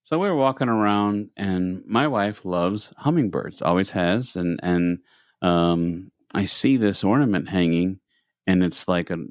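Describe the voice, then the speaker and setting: Male podcast co-host, low voice, animated storyteller who voices the people he quotes, dry recording. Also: measured pace, no echo. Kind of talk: casual storytelling chat.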